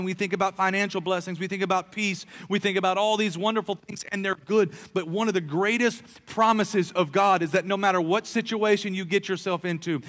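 A man preaching a sermon as a pastor, emphatic, swinging between soft, quiet stretches and loud, pressing lines. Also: high-pitched. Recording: long hall reverb.

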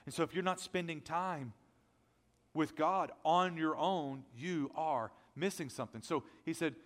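A male pastor delivering a lively sermon in an easy, conversational way, with jokes at his own expense. His voice sits higher than most men's and is not deep. It rings with the long reverb of a large hall. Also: measured pace. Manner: energetic, conversational preaching with self-deprecating asides.

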